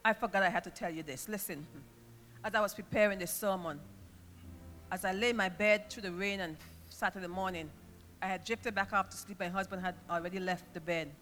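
A woman preaching an impassioned sermon in a church, moving from quiet storytelling to shouted praise. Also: mid-range voice. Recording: reverberant church hall with music behind.

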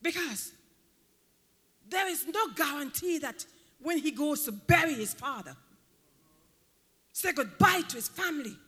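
A man's voice: very high-pitched, pushed and bright, long reverb tail. A man preaching a sermon, emphatic and driving his points home by repeating key words.

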